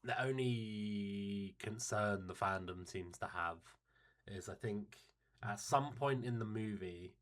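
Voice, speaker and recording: A young man with a fairly low voice, co-hosting a casual podcast chat. He talks bluntly and gets animated, swearing freely as he goes. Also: slow pace. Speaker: podcast co-host.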